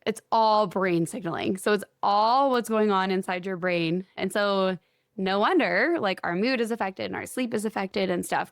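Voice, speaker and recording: A woman's voice: mid-range voice, creaky, no room sound. A woman with a mid-range voice explains health topics on a casual podcast. She talks in an upbeat, friendly way and rattles off points as lists. The recording is dry and close to the mic. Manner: upbeat, explains in quick lists, laughs easily.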